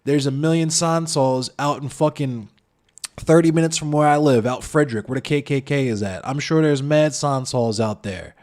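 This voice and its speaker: A man's voice: medium pitch, moderate pace, a little mellow. Fired-up profane male streamer. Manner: impassioned, profane, ranting. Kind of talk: heated casual stream talk.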